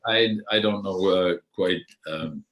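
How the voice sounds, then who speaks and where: Over a video call, an older Canadian man, an outgoing artistic director, slowly recounts his life in theatre in a rambling spoken memoir. His voice is very low and deep yet fairly bright in tone. He's unhurried and hesitant, full of ums and restarts, now and then mimicking other people's voices in his anecdotes.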